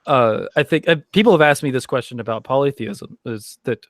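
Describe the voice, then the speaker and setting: Guest, male, mid pitch, meandering talker who laughs easily, dry call audio. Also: brisk, no room sound. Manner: rambling, laughs often, many fillers. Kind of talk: casual chat.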